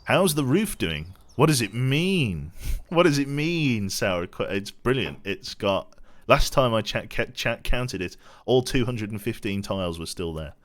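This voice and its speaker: A man's voice: medium pitch, very animated, a little slow. A young man from England with a posh English accent, chatting casually with his viewers while streaming a game, self-deprecating and reading chat aloud.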